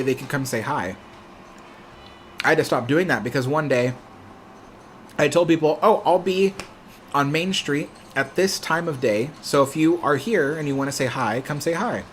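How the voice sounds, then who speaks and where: Young man, stream host, mid-pitched, lively storyteller, casual chat. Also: a little hiss or hum. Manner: animated anecdote telling.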